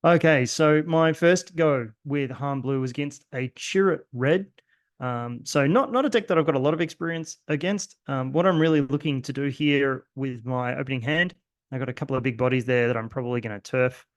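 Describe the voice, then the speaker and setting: A man's voice: medium pitch, normal speed, no echo. A man with an Australian accent talks through his own card game in a rambling, self-deprecating way, full of fillers and restarts. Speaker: host. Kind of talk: casual gameplay commentary.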